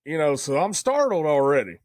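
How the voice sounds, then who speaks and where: A man's voice: on the high side, sing-song, brisk, no room sound. A man, co-hosting a podcast and telling a hunting story in a folksy, casual way. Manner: folksy storyteller, says "buddy" and "dude" a lot. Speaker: podcast co-host.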